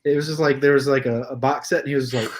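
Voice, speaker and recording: A man co-hosting a casual movie podcast in a voice of ordinary pitch. He tells stories with animation and jumps into other people's voices. He laughs often in the middle of his sentences. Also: racing, a little hiss or hum. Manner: animated storytelling, acting out quoted voices. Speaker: podcast co-host. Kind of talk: casual chat.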